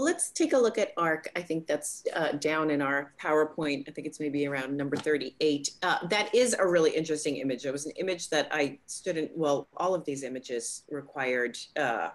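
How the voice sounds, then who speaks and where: Thoughtful low-voiced woman interviewer. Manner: thoughtful, descriptive, a few fillers. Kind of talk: casual conversation.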